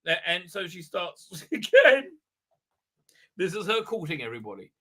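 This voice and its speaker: A man's voice: high-pitched, wildly swooping pitch, normal speed, fairly bright tone. A man hosting a live stream, recapping an episode in a sarcastic, rambling way with many fillers. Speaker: host.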